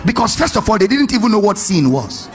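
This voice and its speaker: Male preacher, high and very lively voice, questioning the congregation, soft music behind. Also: quick pace. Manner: animated, questions the congregation, sing-song emphasis. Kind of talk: lively sermon.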